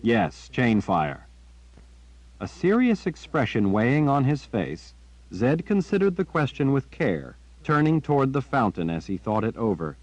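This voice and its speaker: A man narrating an audiobook in a steady, measured storytelling manner. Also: medium pitch. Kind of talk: scripted narration. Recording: dry, dull lo-fi.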